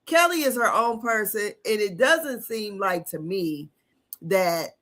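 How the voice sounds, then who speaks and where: A woman's voice: medium pitch, expressive, a little slow, a bit bright. Blunt, salty woman co-host. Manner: blunt and salty, swears freely. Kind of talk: casual chat about reality TV.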